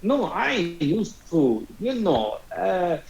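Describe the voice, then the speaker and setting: A man's voice: sits high, big pitch swings, slow, creaky, darkish tone, lo-fi sound, exaggerated voice. A man voicing a brooding male Genasi warrior who speaks in broken, article-dropping phrases during a tabletop game. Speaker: player. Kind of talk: tabletop role-play in character. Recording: roomy echo.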